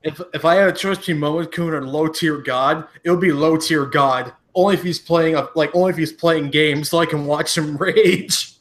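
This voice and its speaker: A man co-hosting a casual podcast, giggly and animated as he steers the topics. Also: a little high, normal speed, hardly any pauses. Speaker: podcast co-host. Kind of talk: casual drunk podcast chat.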